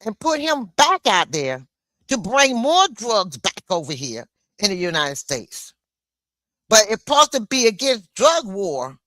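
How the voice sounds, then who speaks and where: A woman livestreaming an angry political rant, blunt and swearing, with a slow, deliberate delivery. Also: on the high side, fairly bright tone, no echo, clean studio sound.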